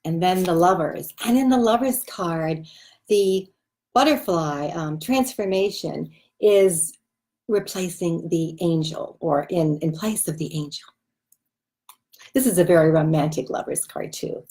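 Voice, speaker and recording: A woman's voice: on the low side, unhurried, mellow. A woman chatting casually as a tarot reader while showing cards, loose and full of fillers. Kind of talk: casual chat showing a deck.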